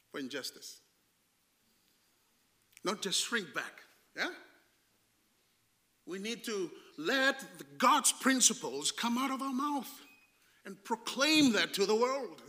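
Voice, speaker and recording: A man with a high, very bright and ringing voice preaches a storytelling sermon. He swings between hushed, drawn-out lines and loud, emphatic bursts, and often asks his listeners rhetorical questions. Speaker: pastor.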